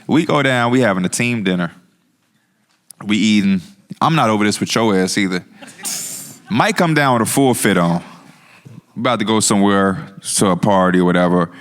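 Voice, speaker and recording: A man's voice: on the low side, normal speed, pauses often. A man co-hosting a live podcast, telling a story in a slangy, laughing way. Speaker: podcast co-host.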